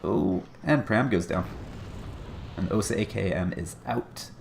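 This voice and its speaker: A man's voice: on the low side, measured pace, gravelly, a little hiss or hum. A man casting a strategy game match with chatty, wry commentary and self-deprecating asides. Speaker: game caster.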